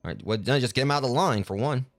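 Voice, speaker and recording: A man's voice: medium pitch, expressive, rapid-fire, faint music behind. A man streaming himself playing a game, chatting casually and rambling, with lots of fillers. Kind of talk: gameplay commentary.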